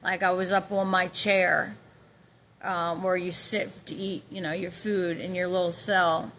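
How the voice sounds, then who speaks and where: Bright-voiced woman rambling through her story. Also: fairly low pitch, little pitch movement, a little slow, slight background noise. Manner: rambling and emotional, with many fillers and restarts. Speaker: vlogger telling her own story. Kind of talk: rambling personal account.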